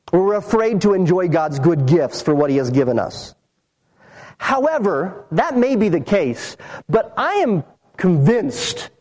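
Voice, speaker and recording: High-voiced man preaching a sermon. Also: darkish tone, rough recording. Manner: earnest teaching, stresses key phrases slowly. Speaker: pastor.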